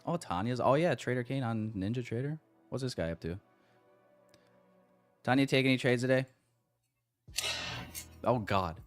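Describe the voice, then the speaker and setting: A man's voice: mid-range voice, expressive, normal speed, long pauses, faint music behind. An American man hosting a trading livestream, chatting casually and reading comments from the chat. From United States.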